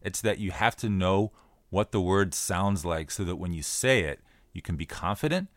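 Low-voiced man, relaxed explainer. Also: normal speed, dry recording. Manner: relaxed, repeats phrases while explaining. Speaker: podcast co-host. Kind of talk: casual explanatory chat.

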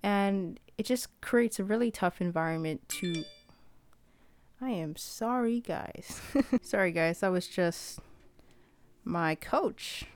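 A woman's voice: mid-range voice, slow pace, pauses often. A teenage girl, telling stories in a rambling casual podcast chat full of "like". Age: late teens. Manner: rambling, lots of "like", acts out quotes. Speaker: podcast host.

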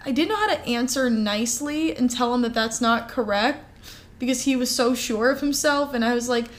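Woman co-host rambling through a story, kinda high voice, lots of likes and uhs. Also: brisk. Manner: animated storytelling with many fillers. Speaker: podcast co-host. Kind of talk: casual podcast chat.

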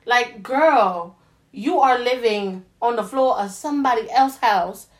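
A woman in casual chat, blunt and animated, with a lot of profanity. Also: on the high side, takes it slowly.

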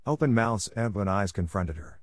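A man narrating a classic story aloud in a steady, measured reading voice, recorded close. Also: on the low side, dry recording. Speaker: audiobook reader.

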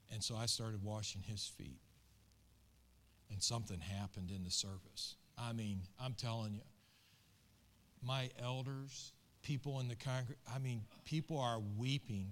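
Middle-aged male pastor, mid-pitched, earnest and emotional colloquial storytelling from the pulpit. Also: fairly bright tone. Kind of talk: sermon storytelling.

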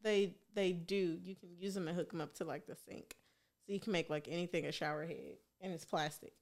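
A woman's voice: fairly low pitch, fairly even intonation, fairly quick, a little mellow. A young woman in casual crude banter, teasing and asking probing questions with lots of laughter.

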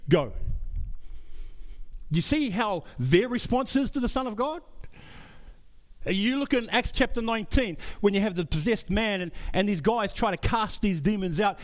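A male pastor preaching a sermon in a church, impassioned, repeating phrases and restarting lines as he presses his point. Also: sits high.

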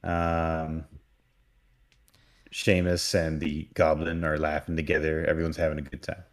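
A man co-hosting a podcast, recapping a TV episode in an animated, joking, casual way. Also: a bass voice, unhurried. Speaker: podcast co-host.

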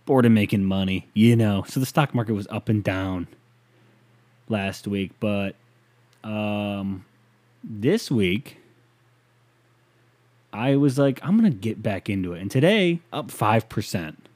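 A man's voice: lowish voice, slow pace, pauses often, a little mellow. A man hosting a casual solo podcast, rambling, profane and mocking as he rants. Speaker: podcast host.

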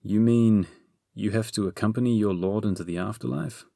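A man's voice: fairly low pitch, normal speed, gravelly, dark tone, no echo, clean studio sound. A man voicing a cheeky, chatty young hero with a scheming streak in a storybook reading. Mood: breezy. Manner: chatty, upbeat.

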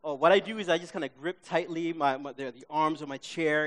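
A man from Queens, telling an animated story to a live audience, acting out his own reactions and checking in with listeners. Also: on the high side, fairly quick, hardly any pauses. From Queens, New York. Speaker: speaker.

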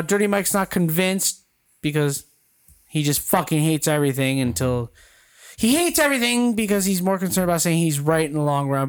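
A man hosting a casual sports podcast, trading jokes and rambling opinions with his co-hosts. His pitch swings widely and lively from phrase to phrase. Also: smooth. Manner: wisecracking, rambling banter. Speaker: podcast host.

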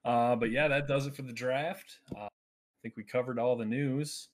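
A man hosts a casual gaming podcast at an even middle pitch. He runs the segments and reads the chat, and he laughs often. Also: normal speed. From United States. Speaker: podcast host.

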